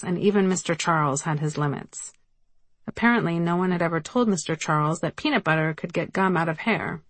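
Woman reading her memoir, lowish voice, wry, dead dry studio. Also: no echo. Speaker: memoir narrator. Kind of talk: audiobook narration.

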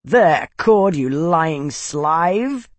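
A man's voice: a little high, lively intonation, no room sound. A man reading an audiobook and voicing a skinny old man who cackles and drags out his words. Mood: gleeful. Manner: cackling, drawn-out delivery. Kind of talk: audiobook character voice.

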